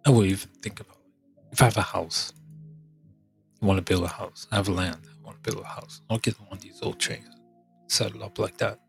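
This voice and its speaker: A podcast host, a man with a congested, hoarse voice, rambling in casual chat, halting and trailing off as he thinks aloud. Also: lowish voice, fairly even intonation, faint music behind.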